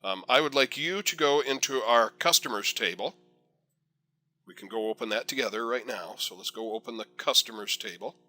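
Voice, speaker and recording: A man teaching a software tutorial over a screen recording, chatty and encouraging with folksy asides. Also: medium pitch, moderate pace. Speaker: software instructor.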